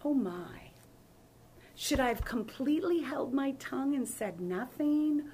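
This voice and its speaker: A woman pastor leading a Bible study, telling stories and acting out dialogue with lively shifts in voice. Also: high voice, normal speed, a little hiss or hum. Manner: animated storyteller, acts out dialogue.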